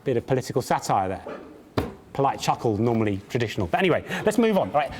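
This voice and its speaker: A man's voice: medium pitch, very animated, fast, noisy background. A man presenting a live science show on stage, with jokey, theatrical patter and mock pomposity. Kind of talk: comic live science demonstration. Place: live stage show at a large public event.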